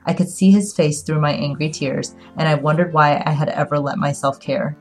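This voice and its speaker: A woman narrating a novel in the first person with a steady, even reading. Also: deep voice, moderate pace, faint music behind. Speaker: audiobook narrator. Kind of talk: scripted narration.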